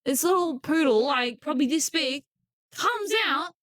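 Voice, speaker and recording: A woman's voice: high-pitched, measured pace, no echo. A young woman co-hosting a podcast, telling funny stories and acting out the voices of people in them. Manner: animated storyteller, acts out quotes. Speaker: podcast co-host. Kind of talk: casual chat. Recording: dry, lo-fi podcast audio.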